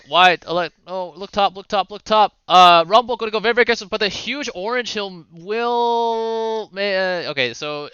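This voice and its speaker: A man giving casual play-by-play commentary on a video game match, with quick calls and the odd swear. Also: sits high, pushed and bright, smooth, no echo, highs cut off. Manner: fast play-by-play with swearing and asides. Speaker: esports caster.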